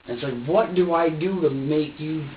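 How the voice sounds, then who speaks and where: A man's voice: on the high side, moderate pace, recorded from a distance, a little hiss or hum. A man under police interrogation, recounting events to detectives in a rambling way, repeating himself and acting out his own words. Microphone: far room camera. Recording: echoey, dull room recording from afar.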